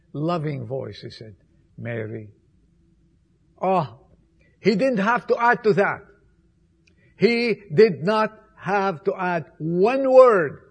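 A man preaching an Easter sermon, with emphatic repetitions, swinging between loud appeals and soft, hushed passages. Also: sits high, vocal fry, breathy edge. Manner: slow, emphatic delivery with repetitions.

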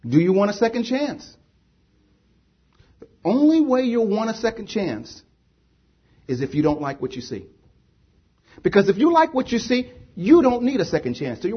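A pastor preaches emphatically to a congregation in a church, repeating rhetorical questions. His voice is high with a breathy edge, and the highs in the audio are cut off.

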